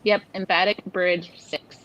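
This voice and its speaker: A woman's voice: fairly low pitch, little pitch movement, unhurried, fairly bright tone, dull audio. A woman joining her husband's live stream in casual chat, giggly and easygoing. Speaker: host's wife, guest.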